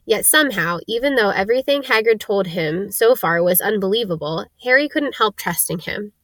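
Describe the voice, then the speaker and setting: Female storybook reader, middle pitch, dry close sound. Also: animated, normal speed, fairly bright tone, no echo. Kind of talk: storybook narration.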